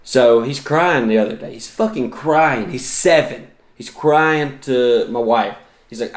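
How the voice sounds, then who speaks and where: A man's voice: medium pitch, a little slow, few pauses, reverberant. Profane man telling comic stories. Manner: profane, exaggerated, self-mocking. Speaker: podcast host and comedian. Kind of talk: comedic storytelling monologue.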